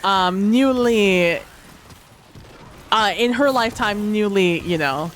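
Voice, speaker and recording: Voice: mid-range voice, slow, fairly bright tone, slight background noise. A tabletop role-play player reflecting casually on a livestream, rambling with many fillers and frequent laughter.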